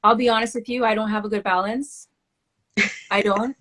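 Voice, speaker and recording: Candid, animated woman interview guest. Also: on the high side, moderate pace, background noise. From West Indian family. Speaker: guest, children's book author. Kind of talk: casual interview talk.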